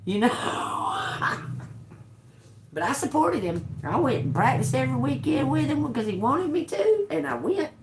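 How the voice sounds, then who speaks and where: A woman's voice: sits high, big pitch swings, a little slow, creaky, background noise. A woman in her fifties hosting a livestream, telling a rambling story with frequent laughter and casual swearing. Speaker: livestream host. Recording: echoey room.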